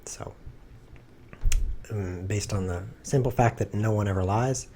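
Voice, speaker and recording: A man streaming himself playing chess, thinking aloud and cracking dry, deadpan jokes in low muttered asides. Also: a little slow, slight background noise.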